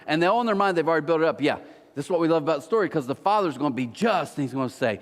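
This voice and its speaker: A man in his forties preaching a sermon, telling stories with lively acted-out quotes. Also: fairly high pitch, racing, in a large hall. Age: 40s. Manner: animated storytelling, acting out quotes. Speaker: pastor. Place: church auditorium.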